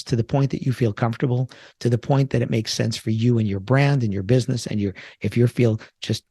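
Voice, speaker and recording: A man's voice: mid-range voice, gravelly, darkish tone, slightly rough. A man from the New York area hosting a solo podcast, talking in a conversational, reflective way with frequent filler words. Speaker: podcast host.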